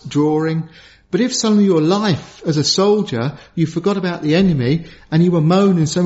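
A man preaches, his voice pitched high for a man. He talks earnestly and slows down to stress his main points. The recording sounds dull and lo-fi. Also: darkish tone. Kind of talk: sermon.

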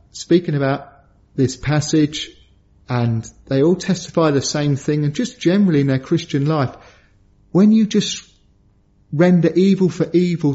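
A middle-aged man preaching a sermon, telling a personal story in earnest and lifting his voice high when he acts out quotes. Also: dark tone, muffled recording.

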